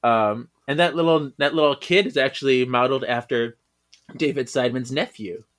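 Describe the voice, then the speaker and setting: A man's voice: mid-range voice, moderate pace, fairly bright tone. A man co-hosting a podcast, casually describing comic panels, chatty and laughing a lot. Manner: chatty, laughs a lot, hesitant with fillers and restarts. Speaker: podcast co-host. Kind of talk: casual comic read-along chat.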